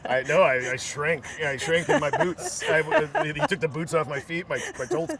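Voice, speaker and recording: A man's voice: fairly high pitch, moderate pace. A man co-hosting a podcast at a party, telling stories with easy self-deprecating humor. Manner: relaxed storytelling with self-deprecating jokes. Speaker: podcast co-host. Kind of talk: casual interview at a party. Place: crowded outdoor film party. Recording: chatty crowd behind.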